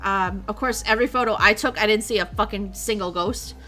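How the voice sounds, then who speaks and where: A woman's voice: mid-range voice, fairly quick, sharp tone, faint music behind. Chatty, swearing young woman. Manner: rambling, chatty, swears freely. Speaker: streamer. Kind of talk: casual chat.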